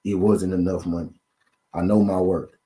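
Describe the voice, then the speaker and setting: A man's voice: sits low, flat delivery, normal speed, mellow. A man hosting a boxing channel, giving a casual, repetitive commentary rant full of rhetorical questions to his viewers.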